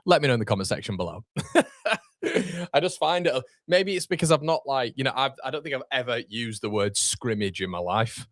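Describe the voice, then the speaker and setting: Here a young Yorkshire lad streams live football, trading banter and reading out chat messages as he commentates. He speaks at a normal speed with medium pitch, lively intonation and a fairly bright tone, on a dry close mic with no room sound.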